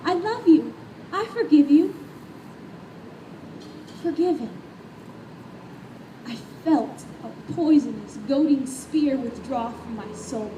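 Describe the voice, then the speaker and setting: A woman's voice: high-pitched, mellow. A woman reading a story aloud in an earnest, emotional way at a live event. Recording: echoey, distant, noisy live rally.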